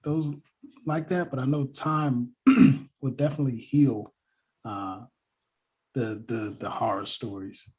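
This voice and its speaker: Man guest, husky, mellow, halting and thoughtful. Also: medium pitch, steady tone. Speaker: guest, NICU parent. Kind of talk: podcast conversation.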